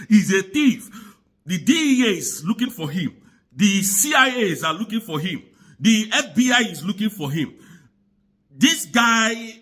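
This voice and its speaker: Fiery husky-voiced man ranting. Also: high voice, pushed and bright. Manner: angry, insistent, repetitive. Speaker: political commentator. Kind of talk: impassioned political rant.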